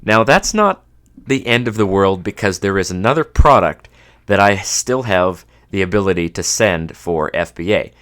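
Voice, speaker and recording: Male podcast host, 30s, from Canada, very low voice, congested, wry casual monologue. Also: expressive, moderate pace, fairly bright tone. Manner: dry, self-mocking humor. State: stuffed up from a cold.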